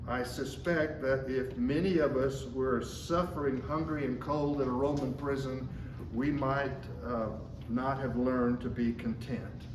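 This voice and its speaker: A man preaching a sermon at a measured pace, slowing down when he quotes scripture. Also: medium pitch, recorded from a distance, background noise. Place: church sanctuary. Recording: echoey room, mic from afar.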